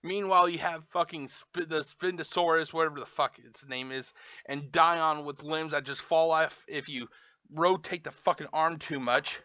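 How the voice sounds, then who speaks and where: This toy reviewer's voice sits a little high, bright and forceful, at a moderate pace. Recorded at home with dull, dry lo-fi sound and no echo, he rants angrily and sarcastically through an unboxing, swearing constantly.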